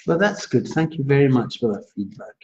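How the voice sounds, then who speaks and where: Chatty Scottish psychic host, dull audio. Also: male voice, medium pitch, fairly quick, vocal fry, slight background noise. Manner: chatty, animated, addresses viewers by name. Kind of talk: live-stream readings chat.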